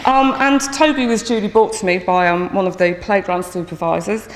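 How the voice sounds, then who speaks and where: A woman teacher telling a story from her school to an audience, lively and acting out her own thoughts. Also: mid-range voice, fairly quick, slight background noise. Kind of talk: storytelling talk. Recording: echoey hall with long reverb.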